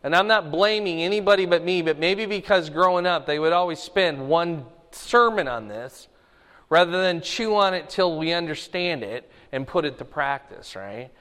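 A man with a fairly high voice delivers a teaching sermon in a casual, conversational way, regularly pausing to ask whether his listeners follow. His voice carries a long reverb from a large hall. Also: expressive, fairly bright tone. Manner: conversational, checks in with the congregation often. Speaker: pastor.

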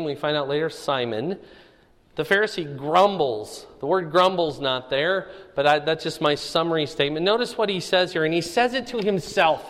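A man's voice: a little high, fairly bright tone, long reverb tail. A man teaching a Bible study in a conversational way, often checking in with the listeners.

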